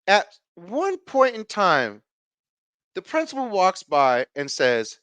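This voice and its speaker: On his own podcast, a man launches into a casual personal story, cursing freely and performing the dialogue with animated, wide-ranging pitch. He speaks slowly, and the recording is close and dry with no room sound.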